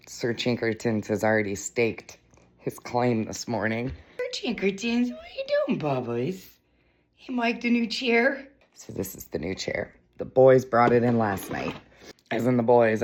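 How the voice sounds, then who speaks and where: Bubbly chatty woman vlogging at home. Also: a little hiss or hum. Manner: bubbly, gushing, baby-talks to her cat in a high voice. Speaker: lifestyle vlogger. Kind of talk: casual chatty vlog. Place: home kitchen and living room.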